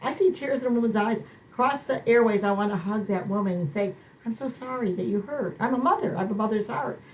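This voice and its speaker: A woman's voice: fast talker, a little hiss or hum, poor audio. Fervent woman hosting a faith podcast. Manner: emotional, preacher-like, swings up high for emphasis. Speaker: podcast host. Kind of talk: Christian ministry podcast talk.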